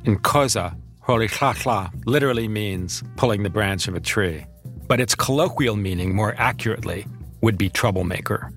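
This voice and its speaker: A man narrating his own memoir as a podcast host, reflective and measured. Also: on the low side, fairly bright tone.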